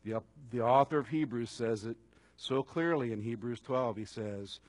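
A man preaching a sermon at an evening service, earnest, building to strong emphasis and then dropping to a hushed, intimate tone. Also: medium pitch, normal speed, dry recording. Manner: earnest, swings between raised emphasis and quiet intimacy.

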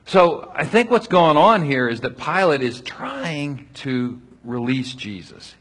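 A man's voice: on the high side, sing-song, slow pace, slightly rough. A man leading a Bible study, reading passages aloud and explaining them in a conversational way with frequent restarts.

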